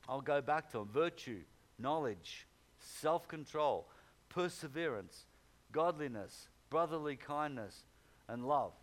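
A man's voice: a little high, lively intonation, slow pace. A man preaching a sermon in an earnest manner, repeating key phrases and rising to fervent exhortation.

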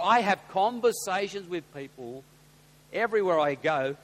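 An Australian pastor with a notably high voice, preaching through personal anecdotes. He drops to near-whispered asides and then bursts into loud, excited exclamations. The sound rings with the long reverb of a large church auditorium. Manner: animated storyteller, swings from hushed asides to loud exclamations.

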